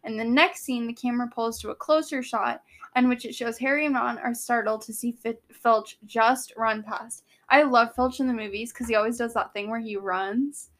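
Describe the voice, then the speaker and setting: A woman's voice: a little high, fairly even intonation, moderate pace, fairly bright tone. A woman co-hosting a casual chat, playful and teasing. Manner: playful, teasing, laughs easily. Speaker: co-host.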